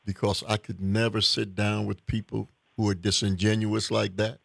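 Male talk radio host, low voice, measured and halting delivery, dry close mic. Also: flat delivery, creaky, no echo. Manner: measured, with many pauses and restarts. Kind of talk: call-in talk radio discussion.

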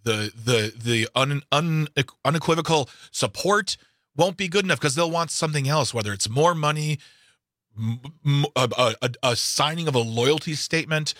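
A man co-hosting a radio talk show, animated and sarcastic, often stumbling and restarting his sentences. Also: a little high, moderate pace, no echo, clean studio sound. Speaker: radio co-host.

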